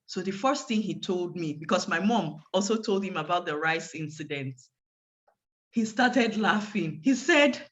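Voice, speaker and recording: A woman's voice: fairly low pitch, lively intonation, a little slow, dull audio. Woman telling a vivid personal story. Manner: vivid storytelling, acting out dialogue. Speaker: guest speaker. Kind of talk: personal storytelling on a conference call. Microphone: video call.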